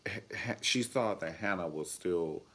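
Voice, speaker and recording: A man's voice: deep voice, slow, fairly bright tone, a little hiss or hum. A man reviewing a TV episode in a casual vlog, flamboyant, sassy and profane. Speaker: TV show reviewer.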